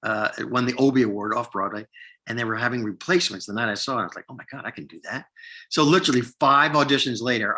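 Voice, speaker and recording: Bright-voiced older man telling stories. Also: mid-range voice, breathy edge. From upstate New York. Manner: animated storyteller, acts out quoted lines, many restarts. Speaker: actor guest. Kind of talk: casual storytelling interview.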